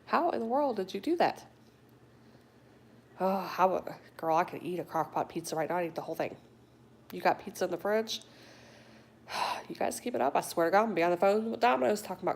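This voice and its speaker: Middle aged woman rambling on a phone livestream, kinda low voice, reads chat out loud, little whispers here and there. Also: brisk, gravelly, long pauses, breathy edge. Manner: chatty and animated, with whispered asides. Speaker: livestreamer reading viewer chat. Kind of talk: casual live chat. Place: home in a warm state.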